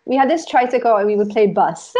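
A woman's voice: fairly high pitch, animated, brisk, warm tone. A woman from Israel, a life coach, chatting as a guest and rambling through memories with lots of fillers and laughter. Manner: rambling, giggly, many "like" fillers. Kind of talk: casual storytelling chat.

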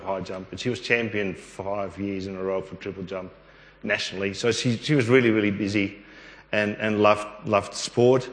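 Australian man telling a story in an echoey hall. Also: lowish voice. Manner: rambling, animated storyteller with quick asides. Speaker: interview guest. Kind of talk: storytelling testimony. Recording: echoey room with long reverb.

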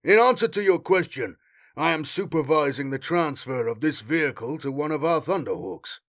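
Guy doing a sneering loud soldier, arch and snarly, big swings in pitch. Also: lively intonation, normal speed. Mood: mocking. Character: arrogant, mocking warrior sergeant, male.

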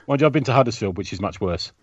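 A man's voice: fairly low pitch, lively intonation, quick pace, slightly rough, highs cut off. A man co-hosting a comics podcast in casual chat, with wry, chatty remarks. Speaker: podcast co-host.

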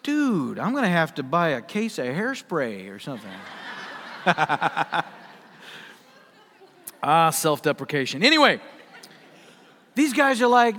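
Animated high-voiced male preacher. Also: slow pace, long pauses, big-room sound. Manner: animated, acts out quoted voices, folksy asides. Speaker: pastor. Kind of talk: sermon.

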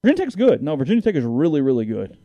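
A man's voice: a little high, rapid-fire, no echo, highs cut off. A man co-hosting a sports podcast, talking casually and getting worked up in bursts of indignation. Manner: animated, indignant, rising to outbursts.

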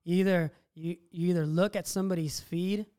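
A man with a fairly high but mellow voice chats as a podcast co-host. He speaks in a relaxed, conversational way. His tone stays easygoing and affirming. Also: fairly quick, smooth. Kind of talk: faith podcast chat.

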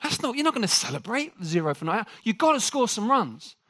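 A man preaching a sermon to a congregation. He jokes with the room and talks in an animated way. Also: sits high, quick pace, no room sound, studio quality.

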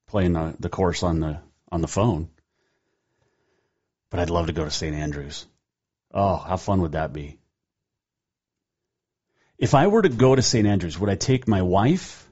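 On his own radio show, a man speaks in a low, somewhat mellow voice. He rambles in a folksy, casual way, correcting himself as he goes and reading sponsor ads. The audio is dull and lo-fi.

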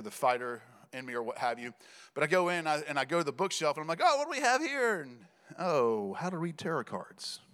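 A man preaching in a conversational, joking storytelling style, building to loud emphatic passages. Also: fairly high pitch. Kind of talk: sermon storytelling. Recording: reverberant hall.

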